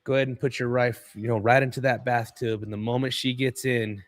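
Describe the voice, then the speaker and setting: A man's voice: medium pitch, fairly even intonation, brisk. A man hosting a live trading stream, talking in a loose, laid-back way and filling his talk with "dude" and "man". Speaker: livestream trading host. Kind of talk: casual livestream chat.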